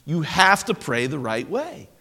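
Man preaching, high bright voice, lively swinging delivery, stammered restarts, long hall reverb. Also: unhurried. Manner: animated preaching with stammered restarts and playful impressions. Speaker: pastor. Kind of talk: sermon.

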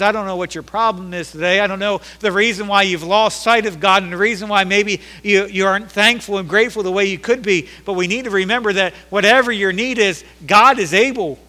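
A male pastor preaching in a church sanctuary with a bright, forceful, somewhat high voice. He hammers points through repetition and swings between loud declarations and hushed asides. A long reverb trails every phrase. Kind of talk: sermon.

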